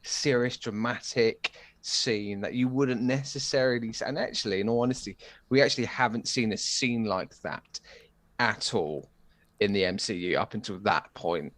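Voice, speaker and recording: A man's voice: lowish voice, normal speed, a bit bright, no echo. A young British man co-hosting a podcast, recapping in easygoing casual chat with slang. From United Kingdom. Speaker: podcast co-host.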